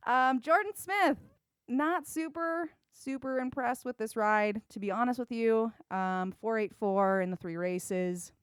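A woman's voice: fairly high pitch, unhurried, smooth, no echo. Woman, young adult, solo podcast host, opinionated, casual swearing, resonant voice, dry room.

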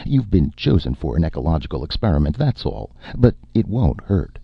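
A man voicing a fussy, apologetic male robot that talks quickly and eagerly in an audiobook reading. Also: big pitch swings, creaky, husky, no echo, full character voice. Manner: quick, eager, rising pitch. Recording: muffled lo-fi recording.

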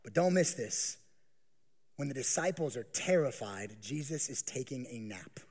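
A male pastor preaching a sermon, swinging from hushed, slow lines to loud, pleading acted voices. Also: medium pitch, animated, husky.

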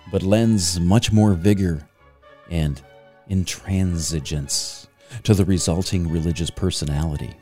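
A hushed, silky male radio announcer reading aloud in slow, measured phrases, as a man puts the voice on. The voice sits low and falls quietly.

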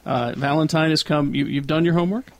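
A man's voice: on the high side, steady tone, fast talker. A man hosting a casual podcast panel from a basement, joking as he introduces the panel. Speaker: podcast host.

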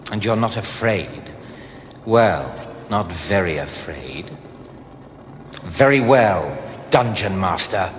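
An actor playing a menacing man who runs a deadly game, speaking in a slow, taunting, theatrical way. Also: fairly low pitch, fairly bright tone. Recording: old tape clip with long reverb and hiss.

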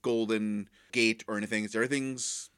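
A man co-hosting a podcast, recapping a TV episode in casual, animated chat. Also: fairly low pitch, a little fast, smooth. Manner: animated retelling with acted-out dialogue. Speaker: podcast co-host reviewing TV episodes.

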